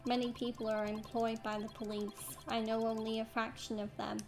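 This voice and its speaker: A woman's voice: on the high side, moderate pace, close to an everyday voice. A woman doing a clipped, robotic male bomb expert. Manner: clipped flat robotic phrasing. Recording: game music behind.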